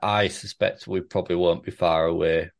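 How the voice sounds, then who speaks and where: A man's voice: low-pitched, steady tone, normal speed, gravelly, no echo, studio quality. A man co-hosting a casual wrestling podcast, laid-back and a bit hesitant. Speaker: podcast co-host.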